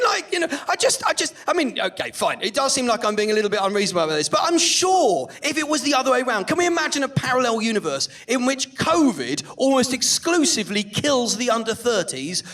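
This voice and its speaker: A man's voice: very high-pitched, a bit bright, far from the mic, a little hiss or hum. A middle-aged British man doing a sweary, mocking stand-up rant in a comedy club. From Britain. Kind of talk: live stand-up set.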